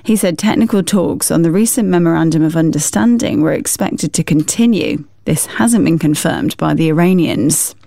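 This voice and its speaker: A woman reading a formal news bulletin in a measured, scripted manner. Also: lowish voice, gravelly, mellow, no echo, studio quality. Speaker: newsreader.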